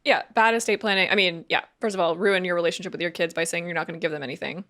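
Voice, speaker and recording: A woman's voice: fairly low pitch, fairly even intonation, racing, fairly bright tone. A woman co-hosting a casual podcast chat, upbeat and chatty, explaining with lots of fillers. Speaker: podcast co-host.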